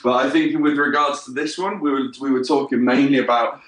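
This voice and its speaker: A man's voice: medium pitch, fairly even intonation, a little fast, a bit bright. A man with an English accent co-hosting a podcast, bantering in a dry, sarcastic way. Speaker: podcast co-host. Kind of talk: casual podcast chat. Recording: roomy echo.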